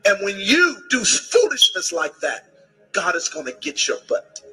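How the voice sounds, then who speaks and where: A man's voice: sits high, wildly swooping pitch, measured pace, bright, forceful tone, husky, soft background music, poor audio. A man preaching in a combative, boisterous way, insulting his critics and raising his voice. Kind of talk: fiery livestream preaching.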